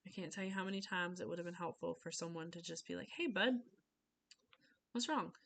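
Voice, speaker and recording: A woman's voice: lowish voice, flat delivery, racing, creaky, a bit bright, slight background noise. A young woman giving an informal class speech, chatty, often acting out little conversations in voices.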